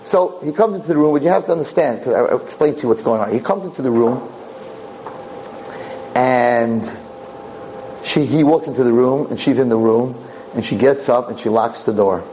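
Mellow-voiced rabbi telling a story. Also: male voice, medium pitch, moderate pace, pauses often, a little hiss or hum, low-quality recording. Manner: animated, repeats words for emphasis. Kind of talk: Torah lecture storytelling.

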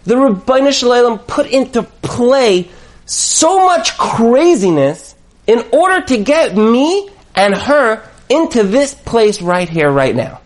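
Lively high-voiced man telling a sermon story. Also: takes it slowly. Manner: animated storyteller who chuckles while talking.

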